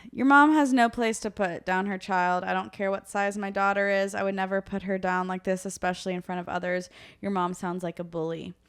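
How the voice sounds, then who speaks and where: A woman's voice: mid-range voice, fairly even intonation, smooth. A woman co-hosting a podcast, joking casually and reading online posts aloud. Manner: wry, quick to joke, reads comments aloud. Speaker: podcast co-host.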